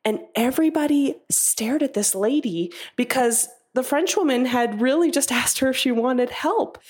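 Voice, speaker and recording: A woman's voice: sits high, moderate pace, darkish tone. Earnest woman telling a story. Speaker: listener leaving a voicemail. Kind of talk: recounting an anecdote in a voicemail.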